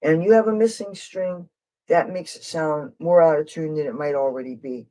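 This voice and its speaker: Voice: medium pitch, moderate pace, mellow, poor audio. An adult streamer talks off the cuff to viewers in a loose, meandering flow. The speech drifts from one subject to the next with frank, slightly wry asides. The tone stays casual and unpolished. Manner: rambling and digressive, jumps between topics. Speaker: livestream host and street guitarist. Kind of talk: casual rambling livestream chat.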